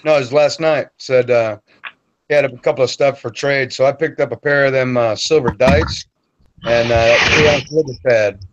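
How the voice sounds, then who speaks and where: A man's voice: mid-range voice, fairly even intonation, moderate pace, lo-fi sound. A man joining a casual livestream chat from his phone, laid-back and playfully boastful. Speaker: livestream guest.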